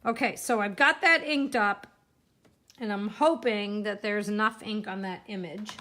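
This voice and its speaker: A woman's voice: mid-range voice, measured pace, sharp tone. A chatty woman giving a casual live card-making demo, talking while she works and joking about herself. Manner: chatty, self-deprecating, talks while working.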